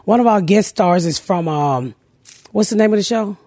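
A middle-aged woman, a comedian hosting a podcast, telling stories in a loud, profane, animated way. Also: mid-range voice, normal speed, no room sound, studio quality. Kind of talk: casual chat.

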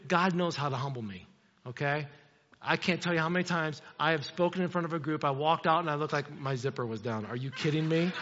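A middle-aged man, preaching a sermon in a lively, conversational way, telling stories and tossing asides to the congregation. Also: fairly high pitch. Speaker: pastor. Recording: muffled sound in a reverberant hall.

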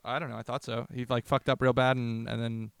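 American man joking around, smooth dry voice. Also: medium pitch, flat delivery, brisk, fairly bright tone, no room sound. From United States. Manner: joking, stammering restarts. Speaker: podcast co-host. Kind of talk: casual comedic chat.

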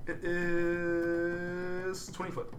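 A man playing a tabletop game, declaring his character's actions slowly and deliberately. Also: sits high, monotone, roomy sound, slight background noise. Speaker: player. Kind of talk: casual tabletop play.

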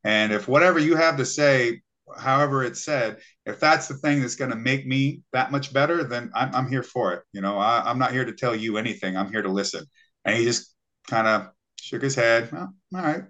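A man's voice: mid-range voice, moderate pace. A male podcast guest telling stories in a casual chat, acting out the voices of people he quotes. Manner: animated, acts out quoted voices, frequent fillers.

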